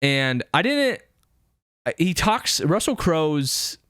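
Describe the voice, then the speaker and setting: A man with a smooth, resonant voice co-hosts a podcast, his pitch rising and falling a lot as he tells enthusiastic stories. The recording is dry and close, with no room sound around him. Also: takes it slowly, no room sound. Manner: lively, enthusiastic storytelling. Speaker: podcast co-host. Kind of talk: casual chat.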